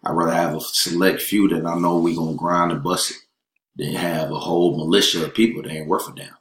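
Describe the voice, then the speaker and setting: A man's voice: low-pitched, steady tone, fairly quick, a bit bright. A man, an elementary school teacher, talking casually as a guest, emphatic and streetwise, speaking in run-on bursts. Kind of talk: casual chat. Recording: roomy echo.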